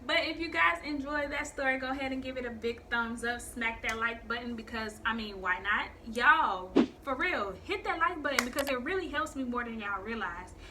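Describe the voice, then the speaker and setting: A young woman telling a story on her vlog in a casual, profane, animated way, acting out the people she quotes. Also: on the high side, moderate pace, few pauses, background noise.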